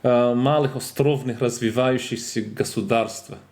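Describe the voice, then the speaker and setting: A man's voice: mid-range voice, steady tone, moderate pace, a little mellow, slight background noise. A man hosting a podcast lesson on interpreting vocabulary, chatty and self-correcting, mixing in French and Russian terms. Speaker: interpreter trainer. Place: lives in France.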